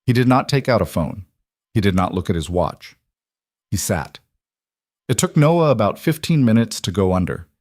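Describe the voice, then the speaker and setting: A man narrating a scripted story in a measured, even delivery. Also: on the low side, no room sound, studio quality.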